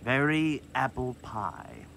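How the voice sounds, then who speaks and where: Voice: mid-range voice, sing-song, slow, gravelly, a bit bright, slight background noise, exaggerated voice. An actor playing Herb, a sarcastic, complaining male talking skeleton in a horror-comedy short film.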